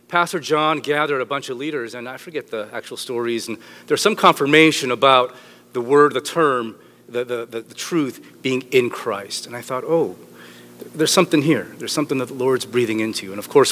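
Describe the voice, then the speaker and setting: A man's voice: mid-range voice, fairly bright tone. A middle-aged man preaching a sermon as a pastor, joking and rambling with restarts. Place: church hall. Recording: echoey hall with long reverb.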